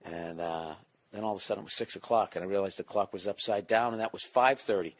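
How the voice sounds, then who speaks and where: A low-voiced man hosting a solo podcast from home. He rambles in a loose, profane, self-mocking way and keeps his voice down. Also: fast talker. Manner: keeping voice down. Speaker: podcast host and comedian. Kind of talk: casual solo podcast monologue. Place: home, at night or early morning.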